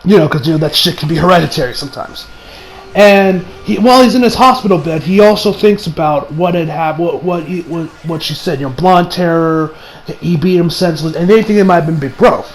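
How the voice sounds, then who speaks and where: A young man from the United States reviews an anime episode, rambling in a casual, profane way with frequent fillers and restarts. His voice is a little high and a little fast, on a low-quality recording with slight background noise.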